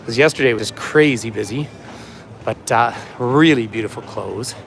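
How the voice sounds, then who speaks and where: A chatty man guides a livestreamed walking tour along a city street, rambling from sight to sight and reading viewers' comments aloud. His voice sits at an ordinary middle pitch, caught on a phone carried as he walks, with faint traffic noise around him. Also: moderate pace, creaky. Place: outdoors on a city waterfront street.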